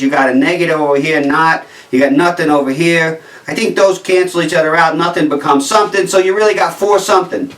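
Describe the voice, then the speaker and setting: A man's voice: on the high side, quick pace, a bit bright, roomy sound, far from the mic, poor audio. Wry man with a Jersey accent. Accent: New Jersey. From New Jersey. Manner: wry, incredulous, laughing at his own jokes. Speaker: stand-up comedian. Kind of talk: stand-up routine.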